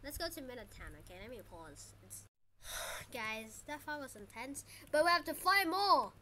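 A woman giving live gameplay commentary, excitable and panicky, shouting during fights and repeating words quickly when flustered. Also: high voice, a little hiss or hum. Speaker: gaming channel host.

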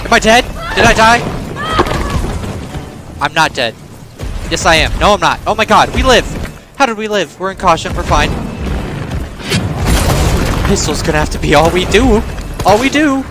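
A man streaming a horror game, commenting in an excitable way, swearing and yelping at scares. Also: high-pitched, normal speed, pauses often. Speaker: gaming streamer. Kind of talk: let's play commentary. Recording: game sounds and music behind voice.

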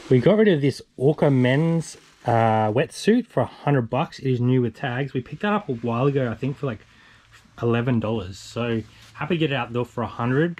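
A man's voice: medium pitch, a little mellow. A young Australian man co-hosting a reselling vlog, chatting matter-of-factly through items and prices. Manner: chatty, matter-of-fact listing of sales. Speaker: eBay reseller co-host. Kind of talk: casual vlog walkthrough.

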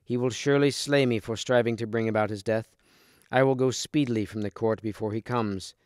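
A man's voice: medium pitch, steady tone, a little fast, a little mellow, no echo, studio quality, natural voice. A man reading aloud as a scheming sorceress queen in a storybook, with a cold, commanding manner. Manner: cold, commanding, falsely sweet.

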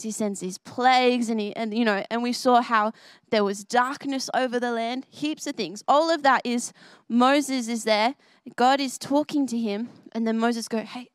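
A woman's voice: a little high, no room sound. A young woman leading a children's church message, bubbly and full of questions for the kids. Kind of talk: kids' sermon. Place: church service.

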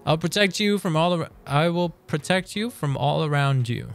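A man streaming live and chatting casually through a quiz, excitable and quick to swear as he reads lyrics aloud. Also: on the high side, faint music behind.

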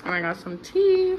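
A woman's voice: sits high, dull audio, slight background noise. A young woman chatting casually in a personal vlog, candid and loose, swearing now and then. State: out of breath after a workout. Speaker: vlogger.

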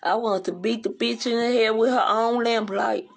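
A woman's voice: fairly high pitch, steady tone, moderate pace, creaky. A woman ranting bluntly and profanely in a casual livestream, rambling from one complaint to the next.

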